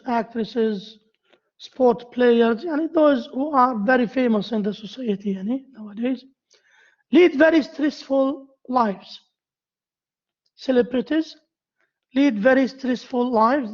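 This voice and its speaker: A woman with an Arabic accent giving a university lecture. She pauses often, repeats key phrases and asks the class questions. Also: fairly high pitch. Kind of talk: classroom lecture on essay writing. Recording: dull lo-fi lecture recording.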